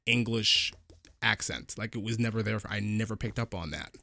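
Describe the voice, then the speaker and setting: A man's voice: on the low side, moderate pace, creaky, bright, forceful tone, dry recording, studio quality. A man co-hosting a casual podcast review, laid-back, with hesitant restarts. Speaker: podcast co-host.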